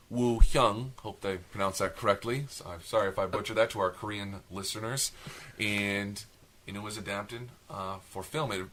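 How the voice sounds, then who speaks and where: A man's voice: on the low side, bright, forceful tone, slight background noise. A young man co-hosting a casual podcast chat, talkative and a bit long-winded, self-deprecating. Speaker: podcast co-host.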